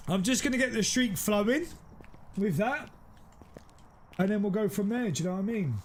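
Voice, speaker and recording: A man streaming a game, chatting casually and teasing his viewers, quick to exclaim. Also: sits high, a little hiss or hum. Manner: excitable, teasing, exclaims often. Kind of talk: casual live-stream chat.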